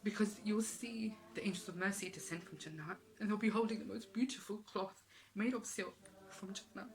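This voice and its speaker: A woman's voice: medium pitch, fairly quick, low-quality recording. A woman giving an earnest, emotional religious talk, repeating phrases for emphasis. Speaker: Islamic speaker.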